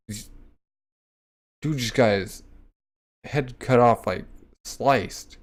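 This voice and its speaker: A man's voice: medium pitch, unhurried, long pauses. A man casually reading a comic aloud, voicing sound effects and reacting with a lot of "like".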